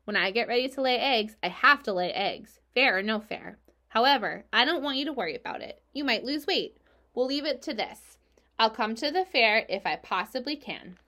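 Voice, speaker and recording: Woman reading as a calm wise lady spider, firm and matter of fact. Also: on the high side, moderate pace. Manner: matter-of-fact and firm, a bit louder than the narration. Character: grown female spider, calm, wise and self-assured.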